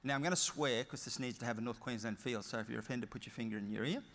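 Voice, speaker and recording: A man's voice: mid-range voice, fast, fairly bright tone. Australian man speaking in a reverberant hall. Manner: chatty, storytelling, plain-spoken humour. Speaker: keynote speaker. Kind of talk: conference keynote with anecdotes. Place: large conference hall.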